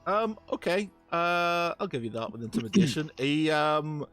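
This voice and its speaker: A man running a tabletop game as game master, talking in a hesitant way with many pauses and restarts. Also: on the high side, expressive, a bit bright, faint music behind.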